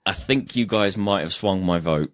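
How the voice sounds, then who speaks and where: A low-voiced man co-hosts a podcast at a normal speed, trading sweary, laughing banter in casual chat.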